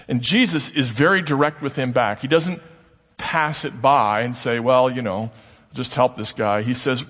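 A man's voice: animated, moderate pace, a bit bright, slightly rough. Earnest preacher man in a reverberant hall. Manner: earnest, acts out quoted speech with rising pitch. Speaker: pastor. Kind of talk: sermon.

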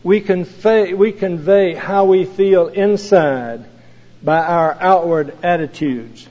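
A man preaching an earnest sermon as a pastor, slow and measured, leaning on key phrases. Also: high voice. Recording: dull lo-fi recording with long hall reverb.

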